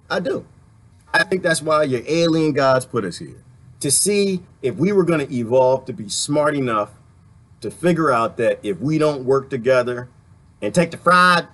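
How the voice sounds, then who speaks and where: Animated rambling man ranting to viewers. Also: fairly high pitch. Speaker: vlogger. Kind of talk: casual political rant.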